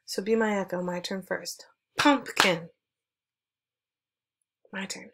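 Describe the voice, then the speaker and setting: A woman music teacher giving an online lesson for children, speaking clearly and encouragingly as she leads call-and-response chants. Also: mid-range voice, fairly even intonation, moderate pace, very noisy.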